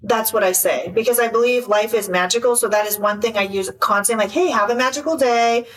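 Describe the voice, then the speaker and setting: A woman life coach chatting in an interview, animated and acting out little quoted voices. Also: a little high, brisk, far from the mic, poor audio. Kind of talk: casual interview chat.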